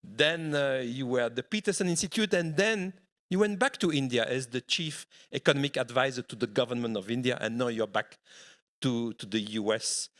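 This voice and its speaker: A middle-aged man moderating a conference panel, introducing a guest in a measured way and pausing with fillers mid-sentence. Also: medium pitch, a bit bright.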